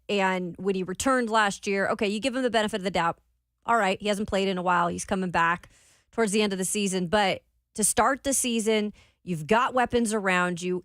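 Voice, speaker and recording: Emphatic female co-host, mid pitch, close dry studio mic. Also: a bit bright, no echo. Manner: brisk, emphatic opinions. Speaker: radio show co-host. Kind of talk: sports radio analysis. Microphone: studio microphone.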